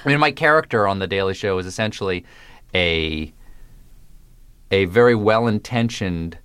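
Wry, crisp-spoken man, low voice. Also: normal speed, fairly bright tone, no echo. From American South. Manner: wry, precise diction, playful. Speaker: guest, comedian. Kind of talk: radio interview conversation.

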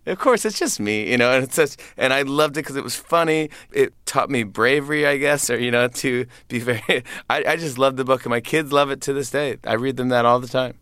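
A man's voice: medium pitch, a little fast, hardly any pauses, a bit bright, no room sound, studio quality. A man in his thirties, a comedian, chatting in an interview, laughing often and acting out voices in his stories. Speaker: comedian and guest. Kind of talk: interview conversation.

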